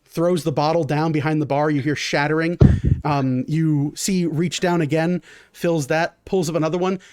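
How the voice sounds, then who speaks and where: A man's voice: a little high, darkish tone, dry recording, studio quality. A man narrating a tabletop game as game master, improvising vivid descriptions.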